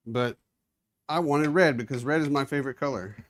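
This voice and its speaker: Male streamer, mid-pitched, easygoing running commentary while he works, drifts around the room. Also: a little fast. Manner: chatty, narrating his own hands-on tasks, moving around the room. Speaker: livestream host. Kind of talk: casual live-stream chat while working. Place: indoor room with carpeted floor.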